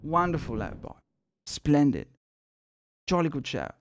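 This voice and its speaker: A man voicing a pompous, plummy English gentleman in a posh English accent. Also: a little high, big pitch swings, a little slow.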